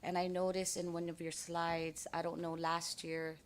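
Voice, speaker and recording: A woman legislator with a hoarse voice from cheering, raising her voice a little as she questions officials at a budget hearing. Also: lowish voice, completely flat delivery, normal speed, a little hiss or hum. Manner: raises voice to hear herself.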